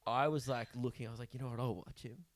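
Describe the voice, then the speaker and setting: A man's voice: medium pitch, steady tone, fast, no echo. Dry-joking young man, close sound. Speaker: podcast co-host. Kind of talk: casual chat. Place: small hotel room.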